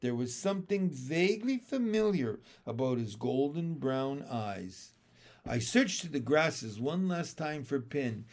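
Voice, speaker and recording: A man reading a storybook aloud as its narrator, in an expressive, unhurried way. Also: medium pitch.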